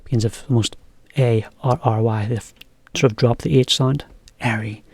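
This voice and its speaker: A man teaching English in a relaxed, chatty video lesson, explaining as he goes. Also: medium pitch, normal speed, creaky, no echo.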